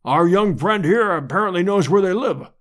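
A man voicing a pompous elderly professor who speaks formally and loudly. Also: high voice, lively intonation, normal speed.

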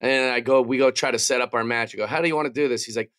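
A man in a casual podcast chat, telling animated anecdotes and acting out the voices of the people he quotes. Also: medium pitch, very fast, no echo, studio quality. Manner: animated, acts out quoted voices, laughs while talking.

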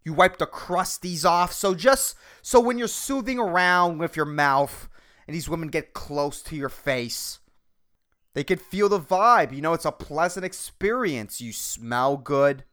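Slow, drawling podcaster guy. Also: lively intonation. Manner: rambling, profane, peppered with "man" and "dude"; low, soft-spoken drawl. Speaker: podcast host. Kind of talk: casual solo podcast rant.

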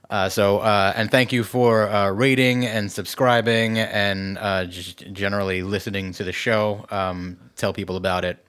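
A man with a low voice co-hosting a laid-back podcast. He reads the show's plugs and slips in jokes and laughter along the way. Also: steady tone, unhurried, a bit bright, smooth. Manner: joking, laughs often. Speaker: podcast co-host. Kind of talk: casual podcast chat.

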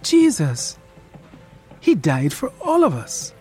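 A narrator doing a soft, tearful devout woman. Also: mid-range voice, huge pitch swings, slow pace, faint music behind, voice pushed up. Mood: grieving. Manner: soft near-whisper.

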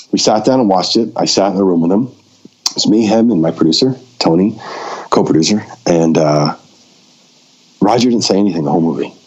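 A man with a very low voice tells a story in a relaxed, conversational way and slips into the voices of the people he quotes. The audio is dull and lo-fi, with the top end rolled off. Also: husky. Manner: animated, acts out quoted dialogue. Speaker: documentary filmmaker, podcast guest. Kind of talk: casual storytelling.

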